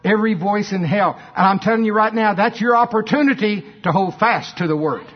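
A male preacher telling a story in an emphatic, animated sermon, with asides to the congregation. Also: high-pitched, brisk. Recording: dull lo-fi sermon recording.

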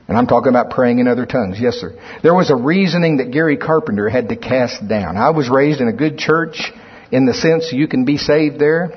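Husky preacher in a reverberant hall. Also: male voice, mid-range voice, a little fast. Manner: reads scripture aloud then explains it, emphatic swells in volume. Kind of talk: sermon. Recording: muffled lo-fi recording in a reverberant hall.

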